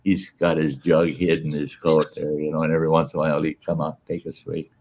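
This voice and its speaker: Husky older man telling jokes. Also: rumbling low, level tone, fairly quick, darkish tone. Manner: laughs between stories, tells drunk jokes. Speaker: show host. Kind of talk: casual joke-telling chat.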